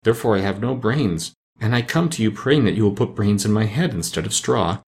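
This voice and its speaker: A humble straw scarecrow, voiced by a male reader, speaking bravely in a low, gravelly voice. His pitch moves up and down widely. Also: lively intonation, fairly quick, a little mellow.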